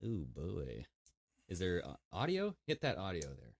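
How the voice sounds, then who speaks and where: A low-voiced man co-hosts a casual podcast, reading out odd news stories at a slightly fast pace with huge swings in pitch. He jokes, swears, and breaks into laughter and silly voices. The recording has a little hiss or hum.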